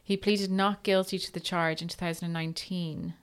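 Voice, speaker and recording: A woman's voice: lowish voice, flat delivery, a little fast, clean tone. A woman co-hosting a podcast, reading facts aloud in bursts between casual chat. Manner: reads facts aloud in bursts, then chats. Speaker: podcast co-host.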